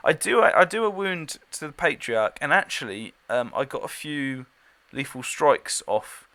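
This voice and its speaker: Guy rambling thru a game recap, bright voice, super dry close sound. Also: a little high, lively intonation, a little slow, dry recording. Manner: rambling, chuckling, many fillers and restarts. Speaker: podcast co-host giving a battle report. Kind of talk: casual chat.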